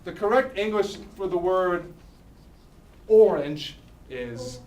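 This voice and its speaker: A man's voice: on the high side, lively intonation, a little slow. A man with a Philadelphia accent teaching a class, constantly asking "okay?" and "right?" as he goes. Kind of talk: classroom lesson. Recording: echoey classroom, mic far off, faint room noise.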